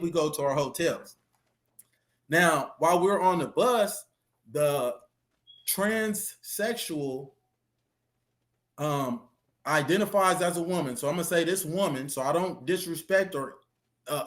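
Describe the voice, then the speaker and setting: A man giving a casual interview, retelling a story with street slang and lots of fillers. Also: a little high. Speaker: interview guest, former reality show contestant.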